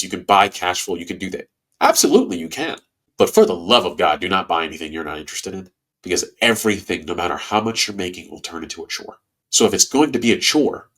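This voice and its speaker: Stuffy-nosed, animated male podcast host. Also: on the low side. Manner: animated, folksy, bursts of excitement. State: stuffy nose. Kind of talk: casual podcast monologue.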